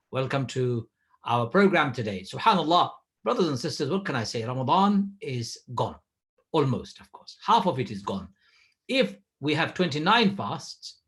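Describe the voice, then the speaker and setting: A man delivering a Ramadan sermon, telling stories with lively dialogue. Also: a little high. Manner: animated storytelling with dialogue. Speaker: preacher.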